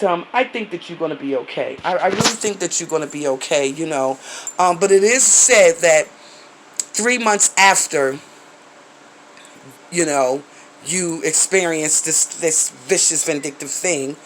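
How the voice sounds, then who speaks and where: A woman vlogger giving an encouraging, preacherly message in an informal, repetitive way, with many fillers and drawn-out phrases. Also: lowish voice, a little hiss or hum, low-quality recording.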